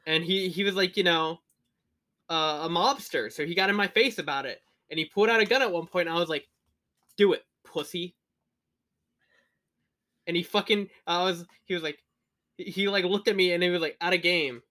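A male podcast co-host telling animated, swear-heavy stories in casual chat. His voice sits a little high and has a bright, sharp edge. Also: fast. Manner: animated, profane storytelling.

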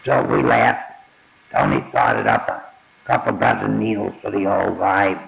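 An older man tells his own life story plainly and bluntly, swearing casually, in a gravelly, fairly low voice with big pitch swings at a measured pace. The audio is dull and lo-fi.

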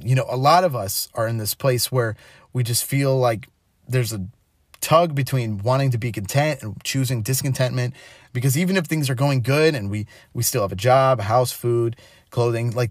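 A man's voice: medium pitch, moderate pace, no echo, studio quality. A man in his twenties hosting a podcast, telling a story and giving a devotional talk in a chatty way, laughing often. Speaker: podcast host.

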